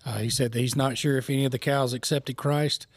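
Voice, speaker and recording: A man's voice: mid-range voice, fairly even intonation, brisk, no room sound. Easygoing storyteller man. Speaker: podcast co-host. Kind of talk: casual podcast storytelling.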